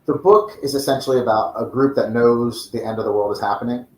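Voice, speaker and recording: A man's voice: medium pitch, quick pace, darkish tone. Easygoing man in a roomy-sounding space. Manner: easygoing, laughs often, chimes in with short reactions. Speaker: guest, book author. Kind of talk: casual chat. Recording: roomy echo.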